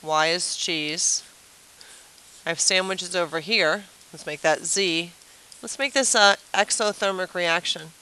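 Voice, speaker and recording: A woman's voice: fairly low pitch, measured pace, bright, forceful tone, smooth, low-quality recording. A woman teacher giving a chatty review lesson at a whiteboard, asking the class questions and explaining with playful everyday comparisons.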